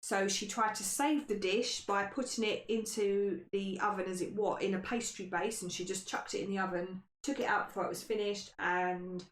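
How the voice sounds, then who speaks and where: Brief: woman, podcast quiz host, mid-pitched voice, casual read, trips over words. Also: steady tone, moderate pace, few pauses. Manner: stumbles on hard words. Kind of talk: casual podcast chat, reading quiz questions. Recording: echoey room, faint noise.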